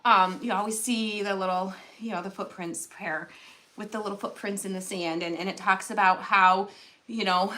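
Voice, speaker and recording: A woman's voice: mid-range voice, fairly even intonation, normal speed, sharp tone. A woman, earnestly telling a personal story to her viewers. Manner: emotional, earnest, addresses viewers as y'all. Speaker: craft channel host.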